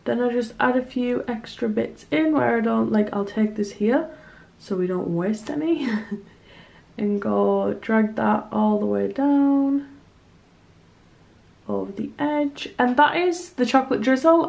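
A young woman chatting casually as she narrates her crafting work in a vlog, self-conscious and softly emotional at times. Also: a little high, unhurried, vocal fry. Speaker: small business artist, vlogger.

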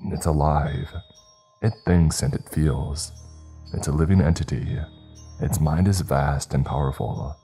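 A man voices a ranger friend turned creature, desperate and insistent in a storybook horror reading. The voice sits extremely low and warm. Faint music runs underneath. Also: unhurried, husky, exaggerated voice. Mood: pleading. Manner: pleading, then shouting and banging.

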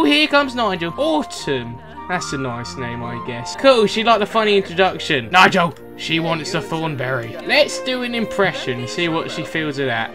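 Young guy doing game commentary, teasing and jumpy, voice all over the place, game music in the background. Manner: chatty, teasing, prone to sudden excited pitch jumps. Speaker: gaming channel host.

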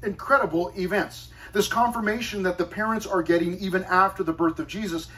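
A man's voice: high voice, fairly even intonation, brisk, fairly bright tone. A male pastor preaching a sermon in a conversational, storytelling way with chatty asides. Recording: voice far from the mic.

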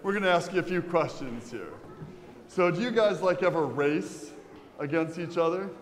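A man preaching a sermon as a pastor, lively and questioning his congregation. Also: a little high, normal speed, slight background noise. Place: large church. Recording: long church reverb, faint ambience.

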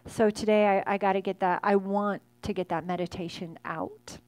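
A woman in her forties, a fitness instructor chatting warmly and effusively with her live class from an indoor space. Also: mid-range voice, fairly even intonation, normal speed, no room sound. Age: 40s. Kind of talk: casual chat to a live class. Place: indoor home workout space.

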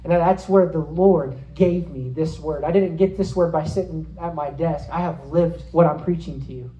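A man preaching a sermon, telling a vivid dream story with animated delivery and then leading a prayer. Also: a little high, moderate pace, roomy sound, muffled recording. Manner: animated storytelling, acting out scenes, rising to shouts. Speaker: pastor.

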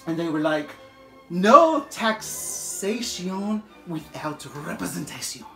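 A woman playing a quirky male history professor who tells the story in halting, broken grammar. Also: on the low side, lively intonation, reverberant, over music. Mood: animated.

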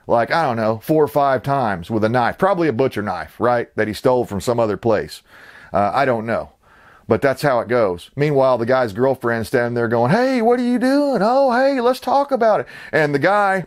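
A man hosting his own channel, ranting with sarcastic, indignant, rambling commentary. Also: medium pitch. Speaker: channel host.

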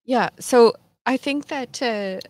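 A woman's voice: fairly high pitch, takes it slowly, no echo. A woman in her fifties hosting a casual solo podcast chat, talking in a chatty, self-mocking way with lots of fillers. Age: 50s. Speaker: podcast host.

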